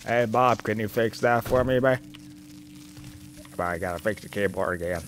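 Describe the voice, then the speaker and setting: A man casually commenting on his gameplay, joking and swearing and reacting loudly to scares. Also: on the low side, moderate pace, a little hiss or hum. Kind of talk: casual let's-play commentary.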